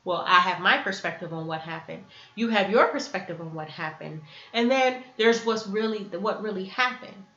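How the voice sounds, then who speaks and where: A woman's voice: medium pitch, moderate pace, hardly any pauses, bright, forceful tone. A woman hosting a self-help lesson, talking earnestly to the camera and acting out sample dialogues. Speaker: self-help video host. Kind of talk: teaching talk to camera. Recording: echoey room, dull lo-fi sound.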